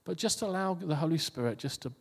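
A fast-talking man with a creaky, higher-pitched and expressive voice gives an informal sermon as a preacher. He speaks to the congregation conversationally, repeating and restarting phrases, and the clip has long hall reverb.

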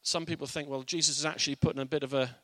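A man's voice: on the high side, steady tone, racing, fairly bright tone, dry recording. A man giving an informal, earnest Bible teaching in a conversational way.

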